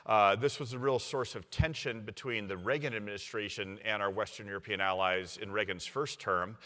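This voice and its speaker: A man's voice: lowish voice, fairly quick. A man, a university provost, telling history in a conversational way, acting out quoted leaders with lots of fillers. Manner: animated storyteller, acts out quoted leaders, many fillers. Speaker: university provost, guest speaker. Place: symposium stage in a large hall. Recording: long hall reverb.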